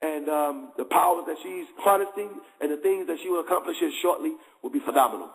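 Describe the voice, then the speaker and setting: A man's voice: on the high side, fast talker, rough recording. A man hosting a show, preaching in a casual, conversational way and constantly checking in with his listeners. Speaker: host.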